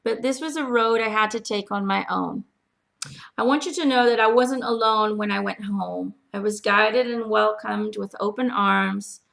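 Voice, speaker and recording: A woman acting as a spiritual medium, reading answers to questions from her followers in a gentle, halting way with many pauses. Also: medium pitch, creaky. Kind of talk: channeling reading, casual spoken.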